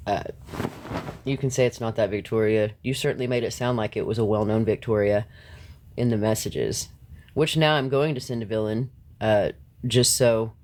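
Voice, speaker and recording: A man with a lowish, slightly mellow voice runs a live stream, laying into his viewers bluntly and confrontationally. He swears freely, answers chat directly, and laughs between his points.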